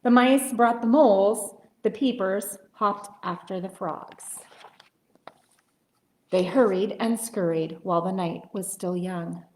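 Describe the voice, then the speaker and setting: A woman librarian reading picture books aloud at story time, gentle and expressive, cheerful and encouraging with young children. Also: medium pitch, slow, reverberant.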